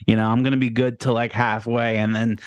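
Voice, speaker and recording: Podcast co-host, male, medium pitch, dry recording, relaxed joking tone. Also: a little fast, no room sound. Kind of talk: casual chat.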